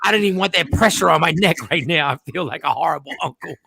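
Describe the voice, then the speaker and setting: A man hosting a radio show in casual chat, animated and emphatic, often repeating himself. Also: on the high side, quick pace, gravelly, breathy edge, no room sound. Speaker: host.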